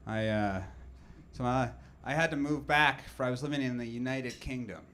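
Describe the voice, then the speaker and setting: A man's voice: mid-range voice, moderate pace, fairly bright tone. A man, doing a rambling, self-deprecating stand-up set full of fillers and restarts. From Nova Scotia, Canada. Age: 30s. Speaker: comedian.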